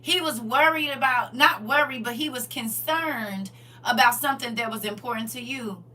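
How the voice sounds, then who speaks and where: A woman hosting a livestream, chatting casually with her viewers in a churchy, testifying tone, expressive and laughing often. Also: a little high, normal speed, recorded from a distance, slight background noise. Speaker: livestream host reading viewer comments.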